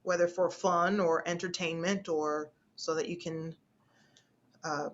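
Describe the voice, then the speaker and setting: A woman's voice: fairly low pitch, steady tone, a little slow, lo-fi sound. A woman speech instructor from the United States, teaching an online class in a chatty way and often repeating her phrases.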